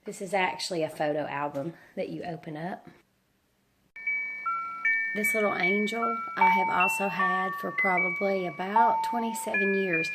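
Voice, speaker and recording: Loud music plays behind this woman in her forties as she shows viewers around her home indoors, speaking at a moderate pace in a mid-range voice. She's a homeschooling mom vlogger with a stuffy head cold, chatting casually and dropping a few ums as she rambles.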